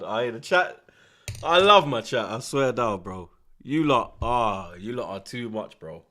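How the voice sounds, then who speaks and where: A young man, reacting loudly to a live football match and chatting to his stream's viewers, swearing and laughing often in heavy slang. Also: medium pitch, animated, measured pace. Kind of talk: live watchalong commentary and chat.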